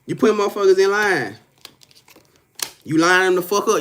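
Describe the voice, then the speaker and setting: A man with a high, fairly bright voice talks a little fast but leaves long pauses. He's doing a casual tarot reading on a live stream, addressing viewers directly, swearing and emphatic, repeating himself and laughing often.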